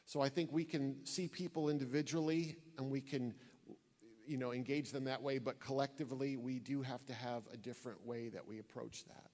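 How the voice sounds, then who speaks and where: A man's voice: medium pitch, fairly even intonation, brisk, darkish tone, big-room sound. A man giving an earnest sermon-style talk to a church audience, telling stories and repeating key phrases for emphasis. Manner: earnest storytelling, emphatic repetition. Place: church hall before an audience.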